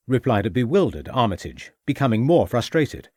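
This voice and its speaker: A man narrating a crime audiobook in a measured storytelling manner. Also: on the low side, animated, dry recording, clean studio sound. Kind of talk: scripted narration.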